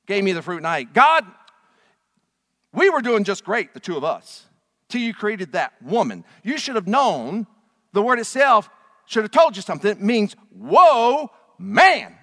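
A man's voice: fairly high pitch, animated, normal speed, pauses often, a bit bright, long reverb tail. A man voicing Adam, the first man, whining and blaming God. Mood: whiny, accusing. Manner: whiny, accusing.

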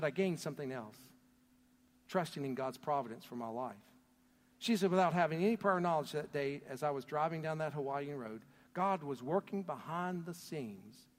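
A man preaching a sermon, telling a story earnestly, his voice swelling loud and then dropping to a near hush. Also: fairly high pitch. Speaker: pastor. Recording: long hall reverb.

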